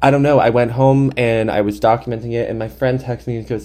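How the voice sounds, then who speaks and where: Podcast host in his twenties, animated comic storyteller with a mellow voice, mocks himself and swears freely. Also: medium pitch, quick pace, hardly any pauses, a little hiss or hum. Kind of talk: comedic storytelling monologue.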